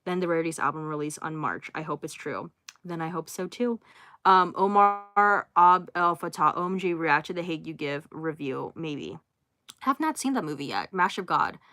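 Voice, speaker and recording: A woman's voice: low-pitched, lively intonation, moderate pace, bright, forceful tone, no room sound, clean studio sound. A young woman hosting a casual livestream from her phone, reading out viewer comments and answering each one briefly, with laughs and fillers. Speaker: livestream host.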